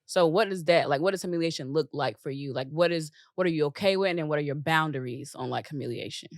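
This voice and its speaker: A woman's voice: low voice, fast talker, no room sound, studio quality. A woman hosting a podcast in casual interview chat, blunt and playful. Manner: blunt, playful, laughs often. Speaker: podcast host.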